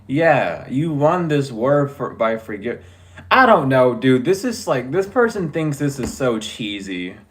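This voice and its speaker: A man's voice: mid-range voice, big pitch swings, measured pace. A man giving a casual tarot reading, talking bluntly and joking with frequent swearing. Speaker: tarot reader.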